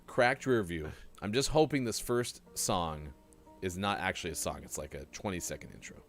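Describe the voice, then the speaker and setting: A man's voice: low-pitched, normal speed, soft background music. A man hosting a morning show, chatting casually and joking with a co-host in a rambling way. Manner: lively, joking, rambling delivery. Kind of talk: casual live-stream radio chat.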